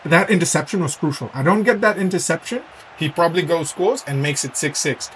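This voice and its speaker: A man giving an animated voice-over commentary on his own football video game match, breaking into excited shouts at the big plays. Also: fairly high pitch, brisk, slight background noise. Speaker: gaming YouTuber.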